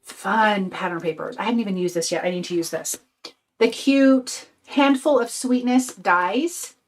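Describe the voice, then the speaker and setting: An older woman with a mid-range, unhurried voice runs a casual live stream for her craft channel. Sweet, upbeat and talkative, she reads out comments from viewers while sounding tired and slightly out of breath.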